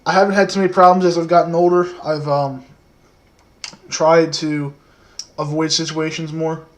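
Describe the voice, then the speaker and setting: Man in his twenties, casual storytelling, soft-spoken, rambling, lots of fillers, fairly high voice. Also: flat delivery, normal speed.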